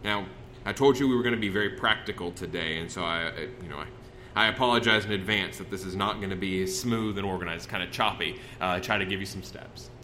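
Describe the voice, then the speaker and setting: A man's voice: low voice, fast, pushed and bright, a little hiss or hum. A man preaching a sermon in a conversational, folksy way, often breaking off and restarting his sentences. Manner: conversational, folksy, with self-interruptions.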